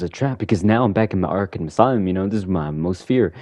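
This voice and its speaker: A deep-voiced man casually recapping a game, rambling along with a lot of "you know". The sound is dry and close, with no room echo. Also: lively intonation, quick pace, darkish tone. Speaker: gaming channel host.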